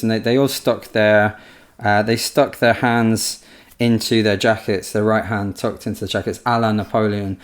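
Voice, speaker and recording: Chatty man telling a story on a podcast. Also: medium pitch. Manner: chatty, storytelling, animated impressions. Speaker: podcast co-host, historian. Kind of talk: casual podcast discussion.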